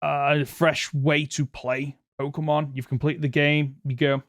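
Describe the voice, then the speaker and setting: A man's voice: a little high, level tone, a little slow, few pauses, no room sound, clean studio sound. A man hosting a podcast, making a casual argument with many restarts and fillers. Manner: rambling, restarts often, laughs easily. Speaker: podcast host. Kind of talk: casual debate.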